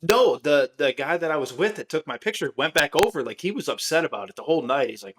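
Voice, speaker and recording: A man's voice: on the high side, animated, quick pace, hardly any pauses, fairly bright tone. A man hosting a podcast, chatting casually and telling rambling stories full of fillers. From Michigan. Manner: rambling storyteller, many fillers. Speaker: podcast host. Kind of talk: casual chat.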